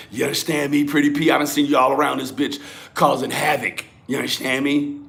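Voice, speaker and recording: A man's voice: mid-range voice, a little fast, creaky, fairly bright tone, a little hiss or hum. A young man hosting a livestream, ranting profanely and calling out chat commenters by name. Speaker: livestream host.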